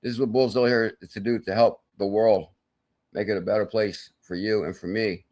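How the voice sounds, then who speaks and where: A man hosting a live crypto stream, talking in an excitable, salesy way with loud outbursts, thinking aloud as he works through sums and reads the viewer chat. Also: lowish voice, normal speed. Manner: thinks aloud while doing sums and checking charts. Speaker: crypto channel host.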